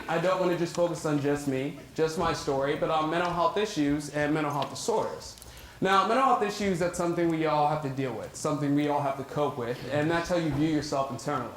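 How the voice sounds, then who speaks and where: Young guy talking to a crowd, kinda high voice, jokey and chatty, big echoey hall. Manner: joking, self-deprecating, chatty. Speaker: public speaker on mental health. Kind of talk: live talk to an audience. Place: large echoey hall with audience.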